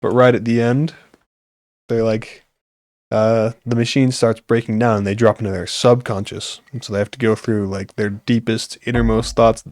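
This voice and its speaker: A man's voice: lowish voice, level tone, moderate pace, darkish tone, no room sound, clean studio sound. A young man hosting a podcast, rambling on earnestly in a casual chat, with many fillers. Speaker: podcast host.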